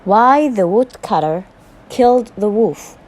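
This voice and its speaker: A woman with Arabic as her first language, teaching English by reading a story aloud and saying each vocabulary word twice, clearly and carefully. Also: mid-range voice, expressive, slow, darkish tone, rough recording. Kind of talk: slow read-aloud English lesson.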